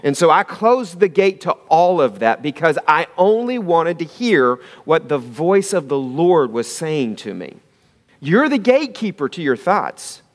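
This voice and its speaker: A man's voice: a little high, very animated, unhurried, long reverb tail. A man preaching a sermon as pastor, talking in a conversational way and often asking the congregation if they follow him.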